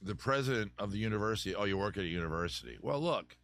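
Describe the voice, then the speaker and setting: A man's voice: on the low side, animated, racing, fairly bright tone, dry recording. A man hosting a live advice stream, rambling through chat questions with jokey, digressive mock advice. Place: home room with a fire.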